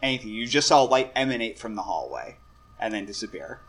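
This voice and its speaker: A man's voice: on the low side, big pitch swings, fast talker, crowd noise. A man narrating a tabletop game as game master, in a casual, rambling way.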